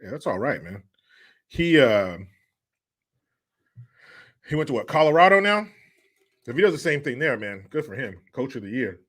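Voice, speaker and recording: Animated, bright-voiced man riffing on chat. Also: mid-range voice, moderate pace, long pauses. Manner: crude, joking, drawling asides with profanity. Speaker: show host reading live chat. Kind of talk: casual livestream commentary.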